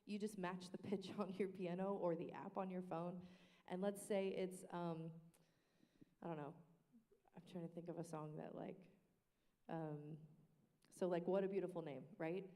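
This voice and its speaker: A woman in a casual panel discussion on worship team practice, talking in an animated way and now and then singing short phrases to demonstrate. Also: on the low side, normal speed, long pauses. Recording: reverberant room.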